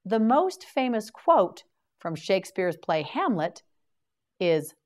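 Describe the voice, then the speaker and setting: A woman teaching English to beginners, carefully enunciating each word and repeating it in a slow vocabulary drill. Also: medium pitch, big pitch swings, darkish tone.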